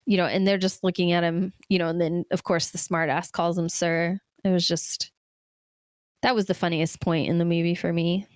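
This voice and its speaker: Woman podcast co-host, low voice, dry close sound, casual movie chat. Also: flat delivery, moderate pace, clear, resonant tone, no room sound. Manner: chatty, rambling with many fillers.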